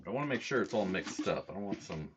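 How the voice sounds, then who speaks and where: A man's voice: low-pitched, expressive, fast. A man hosting a casual livestream, talking in a profane, self-mocking way and chuckling at his own jokes. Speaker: livestream host. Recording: dull lo-fi stream audio, faint noise.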